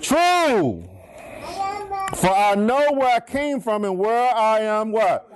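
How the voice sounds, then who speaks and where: Here a middle-aged man teaches Scripture slowly as a pastor, his pitch rising and falling widely. It's a preachy call-and-response lesson in which he asks the congregation to finish what he says.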